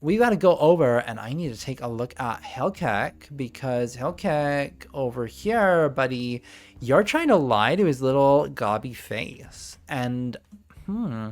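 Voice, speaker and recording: A man's voice: medium pitch, lively intonation, slow pace, gravelly. A man running a live tabletop game as game master, talking in a put-on Valley Girl voice, bubbly and sarcastic with casual swearing.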